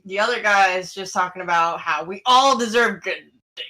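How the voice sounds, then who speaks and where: Bright-voiced woman telling a story. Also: mid-range voice, normal speed, low-quality recording. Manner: animated storytelling full of restarts. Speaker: podcast co-host. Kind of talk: casual podcast chat.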